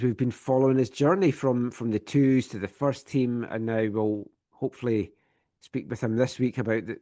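A man hosting a relaxed sports podcast, running through the week's club news in a steady, informative voice of ordinary pitch. He keeps it conversational and teases his co-host with dry humour. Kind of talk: casual sports news rundown.

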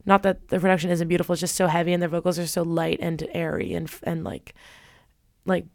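Young woman radio host with a smooth voice. Casual, rambling music chat, close and dry. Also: fairly low pitch, level tone, fast talker, darkish tone, no room sound. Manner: rambling, many fillers and restarts.

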